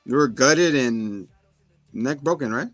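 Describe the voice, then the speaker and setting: A man co-hosting a casual show, retelling a movie plot with lots of swearing and quick put-on voices. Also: mid-range voice, dry recording, soft background music. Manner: animated storyteller, acts out voices, swears. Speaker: podcast co-host. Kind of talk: casual chat, movie recap.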